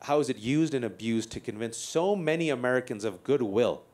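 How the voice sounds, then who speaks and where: A man moderating a live panel discussion, talking in an impassioned, rhetorical way and slipping in quick jokes. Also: medium pitch, animated, darkish tone.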